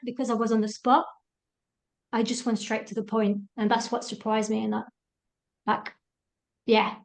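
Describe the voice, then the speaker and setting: A woman with a slightly high voice reflects on her experience in a workshop. She speaks in a thoughtful, measured way. She is heard through a video call mic. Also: poor audio. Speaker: workshop participant. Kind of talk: casual chat.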